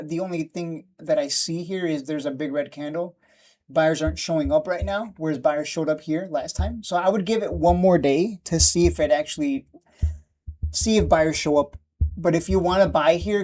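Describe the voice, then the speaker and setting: On a live stream, a man chats casually about stock charts, rambling and quick to laugh or get annoyed. His voice is a little high and a little mellow.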